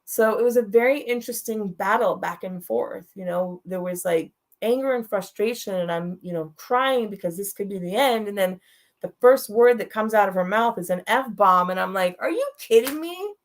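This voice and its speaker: A woman's voice: mid-range voice, normal speed. A middle-aged woman telling a personal story as a talk show guest, frank and direct, laughing now and then through hard moments.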